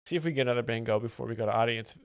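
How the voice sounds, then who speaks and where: A man hosts a live comedy stream, delivering his asides with a deadpan, ironic edge. His voice sits at an everyday middle pitch. The room around him is dry, with no echo. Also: rapid-fire, smooth. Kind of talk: satirical live-stream commentary.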